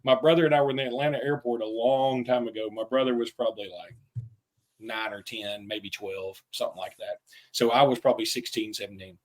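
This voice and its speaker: A man hosting a podcast, chatting casually about college sports and telling lively stories. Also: mid-range voice, a little fast. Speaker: podcast host.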